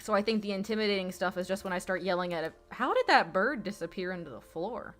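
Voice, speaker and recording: A woman's voice: mid-range voice, animated, fast talker, soft background music. A young woman streaming a video game from home, rambling in casual, self-deprecating commentary full of swearing and laughter. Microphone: streaming mic with webcam.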